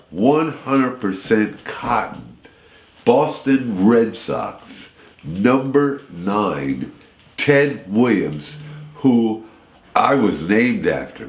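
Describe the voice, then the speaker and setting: A man with a lowish voice, recorded in an echoey room, appears as a guest in a radio interview. He tells stories in a rambling, animated way and often restarts his sentences.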